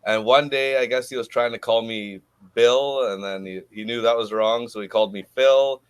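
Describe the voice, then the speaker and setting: A man's voice: medium pitch, fairly even intonation, moderate pace, clean tone, dry recording. A man talking as a guest on a podcast, an easygoing storyteller who laughs easily. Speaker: podcast guest, gold prospector. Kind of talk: casual podcast interview.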